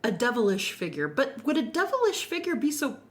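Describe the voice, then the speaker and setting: A woman's voice: a little high, huge pitch swings, brisk. A woman co-hosting a podcast in casual chat, often breaking into laughter. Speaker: podcast co-host.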